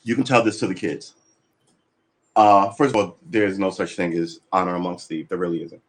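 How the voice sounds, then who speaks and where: A man's voice: deep voice, steady tone, a little fast. A man chatting casually on a livestream, rambling and swearing, acting out little quoted exchanges as he goes.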